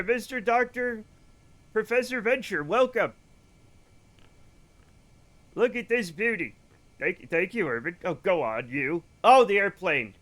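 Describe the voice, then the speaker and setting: A man streaming a video game live, chatting to viewers in an excitable way with loud bursts of enthusiasm. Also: high voice.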